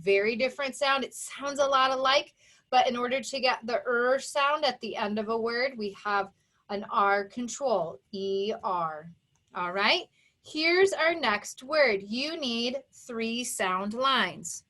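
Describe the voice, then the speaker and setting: Slow, careful woman teaching phonics. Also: on the high side, pushed and bright. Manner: slow, clearly sounding out each sound and syllable. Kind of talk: phonics lesson to young children. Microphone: recorded for an online video lesson.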